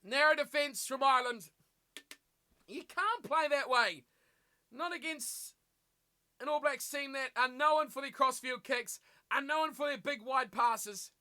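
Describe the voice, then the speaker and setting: Very high, bright-voiced male rugby streamer. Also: measured pace. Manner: reads viewer chat aloud and answers it; animated, rhetorical questions. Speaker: live stream rugby commentator. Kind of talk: live reaction commentary.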